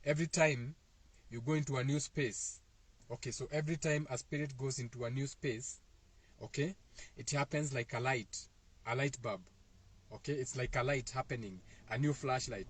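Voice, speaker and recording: A man's voice: mid-range voice, slightly rough. A man with a Kenyan accent hosting a casual spiritual self-help talk for viewers, speaking in a loose, repetitive way with many fillers. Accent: Kenyan, Kikuyu-speaking.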